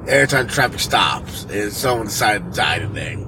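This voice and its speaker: A man's voice: on the low side, expressive, normal speed. A man talking casually to a vlog from his car in traffic, rambling and swearing with lots of fillers. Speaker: father telling a story.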